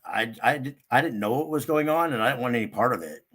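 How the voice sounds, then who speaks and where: A man's voice: lively intonation, quick pace, a bit bright, slightly rough. Older man telling a rambling story. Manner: rambling, acts out quotes with sudden higher pitch. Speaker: guest. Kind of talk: casual storytelling interview.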